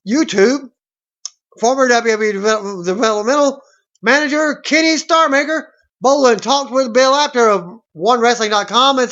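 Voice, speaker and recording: A man's voice: very high voice, fairly bright tone. A man reading out wrestling news items, sometimes stumbling over names. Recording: dull lo-fi recording.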